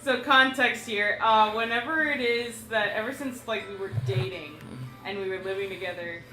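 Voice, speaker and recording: A young woman co-hosting a gaming stream, telling stories in an animated, playful way. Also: mid-range voice, normal speed, soft background music. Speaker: gaming YouTuber co-host. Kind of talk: casual chat over a game stream. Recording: echoey room, slight hiss.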